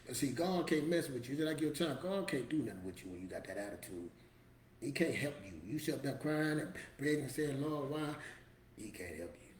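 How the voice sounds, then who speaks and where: A man's voice: medium pitch, animated, a little fast, echoey room, slight background noise. A man giving a motivational talk to camera in a preachy, emphatic, street-casual storytelling manner. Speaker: motivational vlogger.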